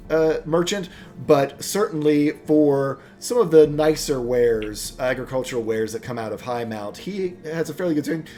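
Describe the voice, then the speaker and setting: American man, game master, mid pitch, loose filler-heavy narration. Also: mellow. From United States. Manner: rambling, filler-heavy storytelling.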